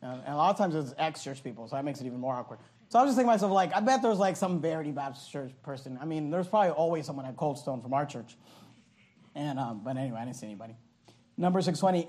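A middle-aged man preaching a sermon as pastor, telling a story loudly and animatedly, now and then breaking into yelling. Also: on the high side, rapid-fire. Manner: loud, animated storytelling from the pulpit; bursts into yelling.

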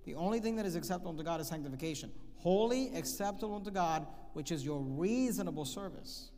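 A man's voice: fairly high pitch, lively intonation, a little mellow. Guy preaching a sermon in a church, repeats stuff for emphasis, big echo. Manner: emphatic preaching, reads scripture slowly, repeats key phrases. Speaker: pastor. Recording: long hall reverb.

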